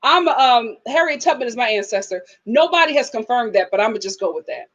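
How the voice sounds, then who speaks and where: Animated, laughing woman live-streaming. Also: a little high, fairly quick, highs cut off. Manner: animated, playful, laughs often, quotes in exaggerated voices. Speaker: host of a live TV review stream. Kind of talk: casual live-stream commentary reading chat.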